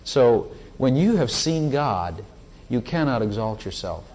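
A man preaching a sermon, praying and sharing testimony, who rises in pitch and volume at emphatic points and reads scripture slowly. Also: big pitch swings, darkish tone. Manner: slow, drawn-out scripture reading.

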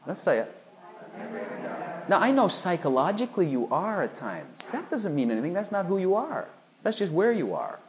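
A man's voice: high voice, slight background noise, poor audio. A man preaching a sermon, emphatic and full of rhetorical questions aimed at his listeners.

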